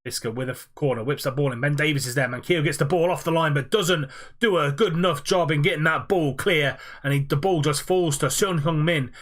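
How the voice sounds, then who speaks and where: Young man, upbeat gaming commentator calling football matches, slightly higher voice, filler-heavy delivery. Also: a bit bright. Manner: quick play-by-play with frequent "uh" fillers. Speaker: video game player commentating his own matches. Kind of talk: play-by-play football commentary over gameplay.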